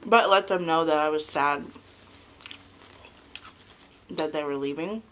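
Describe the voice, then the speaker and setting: A woman in her thirties chatting casually as a vlogger and mother, halting and soft with many fillers, fighting back tears. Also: deep voice, a little hiss or hum. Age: 30s. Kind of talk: casual confessional chat.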